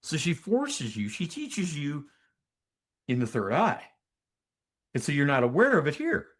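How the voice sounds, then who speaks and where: An older man, a physician and energy healer, telling a story as a podcast guest in an animated, emphatic way with asides to the listener. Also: a little high, a little slow. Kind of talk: conversational storytelling in an interview.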